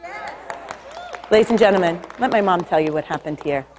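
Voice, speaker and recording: A woman giving an energetic public talk about body language, leading the audience to repeat after her. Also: on the low side, fast talker, a crowd in the background, background noise. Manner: lively, leads audience call-and-response. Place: stage in a large hall. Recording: long hall reverb.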